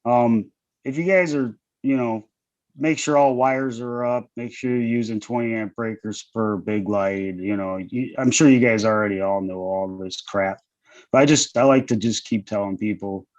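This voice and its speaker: A man's voice: fairly low pitch, steady tone, moderate pace, dry recording. A man hosting a casual group chat about growing, laid-back and rambling, with frequent laughs. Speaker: host. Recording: dull lo-fi sound.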